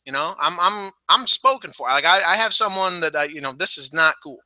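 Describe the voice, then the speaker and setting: This man talks with a wide, lively pitch swing and a sharp, forceful edge to his voice. He spins a casual, profane story from home, slipping into voices for the people in it. The sound is close and dry. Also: brisk, no room sound, rough recording. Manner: animated storyteller, swears often, mimics people. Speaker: podcast co-host.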